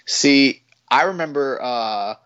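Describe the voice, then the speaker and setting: A man's voice: mid-range voice, animated, slow, a bit bright, clear, resonant tone, no room sound, muffled recording. A man co-hosting a casual wrestling podcast, talking in rambling runs full of fillers and restarts. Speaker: podcast co-host.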